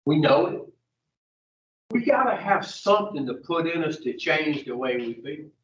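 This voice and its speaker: A man on the high side, with a sing-song lilt and moderate pace, runs a blunt group session for people in addiction recovery. He swears freely and fires off questions at them. The recording is distant and echoey in a dull room, with a little hiss or hum.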